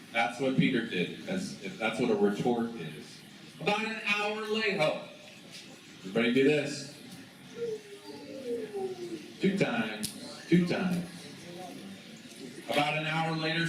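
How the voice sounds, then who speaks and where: A man's voice: a little high, animated, a little slow, pauses often, a bit bright. A man speaking at a school chapel, retelling a story in a casual, conversational sermon and prompting the students to join in, recorded far off in a very echoey room with noise behind. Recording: very echoey chapel from afar, noisy.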